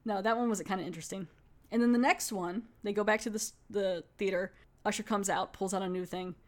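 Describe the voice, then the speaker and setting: A woman's voice: medium pitch, steady tone, a little fast. A woman casually reviewing a horror anthology film, retelling scenes in a chatty way with quoted lines. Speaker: movie reviewer.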